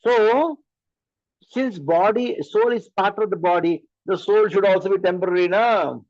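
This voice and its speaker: A man's voice: high voice, unhurried, a little mellow, dry recording, highs cut off. A man with an Indian English accent giving a sermon as a spiritual teacher, driving his point home with repeated rhetorical questions.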